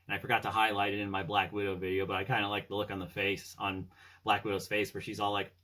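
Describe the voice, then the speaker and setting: Rambling male fan commentator, lowish voice, loose and filler-heavy. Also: monotone, fast, bright, forceful tone. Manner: rambling, with many fillers and "he's all like" retellings. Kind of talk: casual fan movie discussion.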